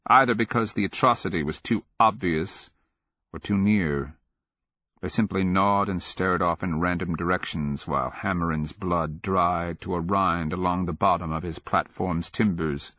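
A man reading a dark fantasy story aloud in a measured, grave narration. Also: low voice, dry recording, lo-fi sound. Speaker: audiobook narrator. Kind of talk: scripted narration.

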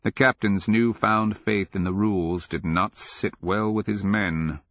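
A man with a very low voice narrates a grim fantasy story in a measured, grave way. The recording is dry and close, with a slightly dull, muffled sound. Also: steady tone, fairly bright tone, no echo. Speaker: audiobook narrator. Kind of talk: scripted narration.

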